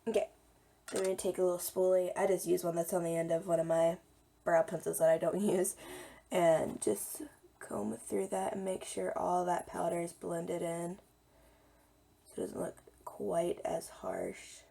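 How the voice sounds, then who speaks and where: A young woman, slightly hoarse today, chatting casually through a makeup tutorial as she applies it. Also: lowish voice, level tone, measured pace, warm tone. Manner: chatty, talks while applying makeup. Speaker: beauty vlogger.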